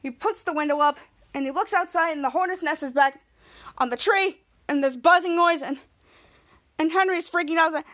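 A woman's voice: extremely high pitch, moderate pace, fairly bright tone. A woman podcast host giving a casual, rambling run-on recap of a TV episode. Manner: rambling, run-on narration with many restarts and giggles.

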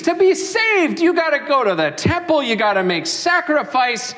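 A man preaching a sermon as a pastor, animated and acting out the voices of people he quotes. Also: extremely high pitch, normal speed, hardly any pauses, big-room sound.

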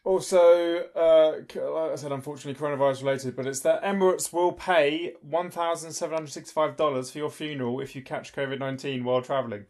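A man co-hosting a casual podcast, relaxed and hesitant as he shares a news item. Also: fairly high pitch, fast talker, hardly any pauses. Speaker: podcast co-host. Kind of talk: casual chat.

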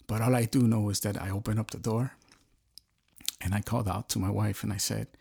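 A middle-aged man giving an earnest, halting personal testimony, often searching for words. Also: fairly low pitch, fairly even intonation, gravelly, a little mellow, husky. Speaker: storyteller sharing a personal testimony.

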